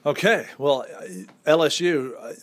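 A man's voice: on the high side, unhurried, no echo. Chatty male host with a Northern US accent. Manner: chatty, upbeat, many fillers. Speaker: show host. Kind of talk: casual interview.

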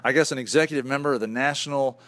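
A man's voice: medium pitch, rapid-fire, fairly bright tone. A man hosting a talk show interview, upbeat and enthusiastic. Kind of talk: hosted interview.

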